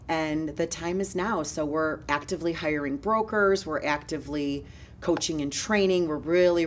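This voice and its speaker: A woman in her forties, a real estate broker, telling her story in an energetic, fast-moving interview style. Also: sits low, a little hiss or hum.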